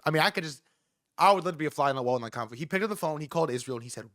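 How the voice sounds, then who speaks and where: A man's voice: a little high, fast, dry recording, studio quality. A young man hosting a livestream, ranting casually and profanely while acting out what others said. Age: young adult. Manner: animated, profane, acts out quoted figures. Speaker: livestream host. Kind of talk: casual commentary rant.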